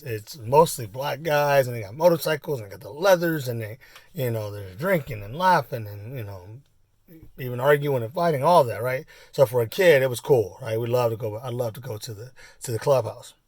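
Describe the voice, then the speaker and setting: A man in his forties telling a personal story in a casual, rambling way, full of fillers and asides, and getting animated as he acts it out. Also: medium pitch, no room sound. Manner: animated when acting out the story. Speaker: vlogger.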